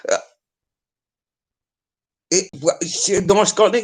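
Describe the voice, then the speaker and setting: A man's voice: sits high, fairly even intonation, a little slow, pauses often, breathy edge. A man, hosting a music countdown in a rambling, opinionated comic monologue full of swearing, restarts and stammers.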